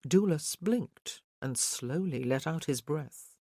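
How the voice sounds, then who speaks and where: Dry, measured audiobook narrator. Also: mid-range voice, lively intonation, dark tone, no room sound.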